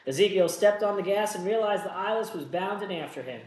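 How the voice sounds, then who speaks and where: A man hosting a solo board game playthrough, reading the story text aloud and then thinking out loud about his moves in a casual, self-deprecating way. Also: high voice, expressive, brisk, reverberant, a little hiss or hum, low-quality recording.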